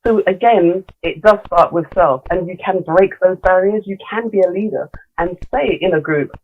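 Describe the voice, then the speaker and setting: A middle-aged woman from London, a leadership coach, is a guest on a casual podcast, talking candidly with lots of fillers and restarts. Her voice is fairly low and husky at normal speed, and the audio sounds narrow and tinny.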